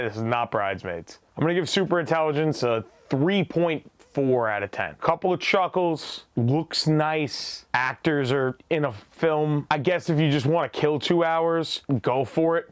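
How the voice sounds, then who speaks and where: A man casually reviewing a film, with a sarcastic, joking delivery and deadpan asides. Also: on the high side, clear, resonant tone, dry recording. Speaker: movie reviewer. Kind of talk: casual movie review vlog.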